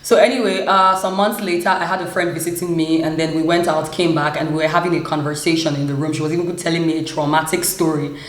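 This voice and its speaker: A young woman with a Nigerian English accent, telling a personal story to camera, animated and laughing often. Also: low voice, quick pace, hardly any pauses. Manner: animated, laughs often, acts out quoted voices. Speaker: vlogger. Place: room in a flat in Germany. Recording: echoey room.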